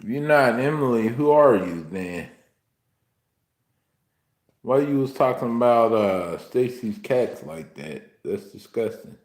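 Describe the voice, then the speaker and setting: A man's voice: mid-range voice, animated, slow, a little mellow, echoey room. A young man hosting a livestream, indignantly scolding a viewer in the chat with repeated questions. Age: young adult. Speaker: livestream host.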